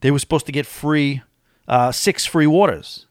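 A man's voice: a little high, normal speed, no echo, clean studio sound. A man vlogging about a cruise in a casual, opinionated monologue, talking with emphasis.

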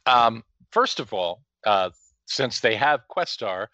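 A man's voice: mid-range voice, very animated, takes it slowly, sharp tone, no echo, muffled recording. A man co-hosting a casual comic-book podcast, explaining story details and laughing easily. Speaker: podcast co-host.

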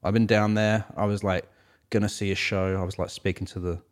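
A man's voice: lowish voice, flat delivery, brisk. A young man co-hosting a casual music podcast, talking in loose, rambling sentences full of fillers. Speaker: podcast co-host. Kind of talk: casual chat about music.

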